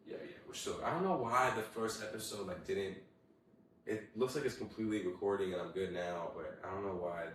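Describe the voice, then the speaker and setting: A young man hosting a casual solo podcast, telling animated stories with lots of swearing and acting out what people said. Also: deep voice, fairly quick, distant mic, a little hiss or hum. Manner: animated storytelling, heavy swearing, acts out quotes. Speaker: podcast host. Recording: very echoey room, voice away from mic.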